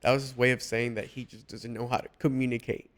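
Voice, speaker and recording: A man hosting a casual podcast chat, talking earnestly and haltingly with many restarts. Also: mid-range voice, level tone, a bit bright. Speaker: podcast host.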